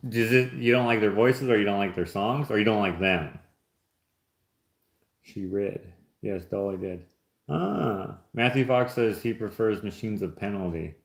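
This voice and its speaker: A man's voice: on the low side, a little slow, creaky. A man hosting a casual livestream, reading chat aloud and opening gifts in an easygoing, joking way. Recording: roomy echo.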